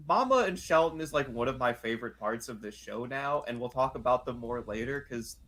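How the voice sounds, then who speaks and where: A man co-hosting a podcast, offering measured, earnest commentary in casual chat. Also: mid-range voice, lively intonation, a bit bright. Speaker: podcast co-host.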